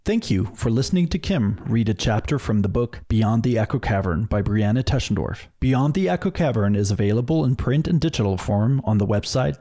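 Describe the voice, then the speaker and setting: A man reading a scripted podcast outro in an even, formal way. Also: mid-range voice, brisk, hardly any pauses. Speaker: podcast announcer. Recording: faint music bed behind. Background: faint music.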